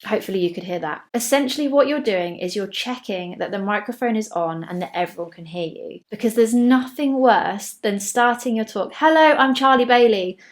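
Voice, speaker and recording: An English woman presenting public speaking tips to camera in a clear, measured, scripted delivery that slows down for each key tip. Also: medium pitch.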